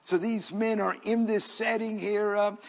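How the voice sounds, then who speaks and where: A man's voice: high voice, little pitch movement, unhurried, creaky, long reverb tail. A male pastor preaching a sermon in an earnest, conversational way, mixing scripture with personal stories, recorded in a church. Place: church sanctuary.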